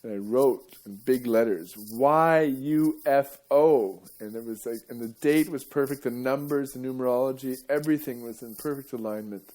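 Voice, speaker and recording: A man speaking live to an audience in a loose, rambling way. He jokes freely and drops into loud, playful chanting here and there. His voice sits at an ordinary middle pitch. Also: brisk, few pauses. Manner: playful, jokey, chants loudly at times. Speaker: speaker giving a live talk.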